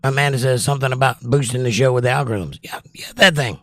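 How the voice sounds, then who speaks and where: A man's voice: mid-range voice, quick pace, fairly bright tone, dry recording, clean studio sound. A man hosting a casual livestream, joking and greeting viewers with upbeat energy as he reads their chat comments. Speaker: livestream show host.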